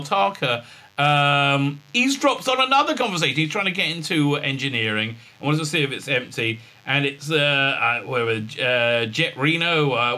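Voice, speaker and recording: Sarcastic ranting man with a bright voice. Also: a little high. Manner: sarcastic, ranting, with many filler sounds. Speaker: show reviewer. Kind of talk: sarcastic episode recap.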